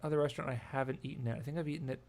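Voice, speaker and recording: A young man hosting a casual live chat, easygoing and quick to laugh. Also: medium pitch, gravelly, background noise. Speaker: podcast host.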